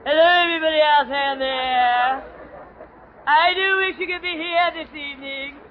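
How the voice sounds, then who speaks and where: A gushing, affected movie starlet, put on by a woman comic who drags out every grand word in high-flown theatrical style. The voice sits a little lower than her natural register and sounds set back from the mic. It comes through a dull, muffled 1930s radio broadcast recording. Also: normal speed, slight background noise, natural voice.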